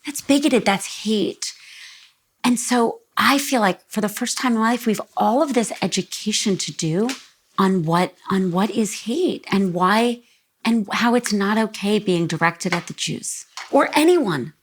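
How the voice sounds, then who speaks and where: A woman's voice: medium pitch, a little slow. A woman in her fifties talks earnestly in a living room interview, close to tears. Her voice rises as the feeling builds. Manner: earnest, voice rises when emotional. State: near tears. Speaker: guest. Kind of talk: emotional interview conversation.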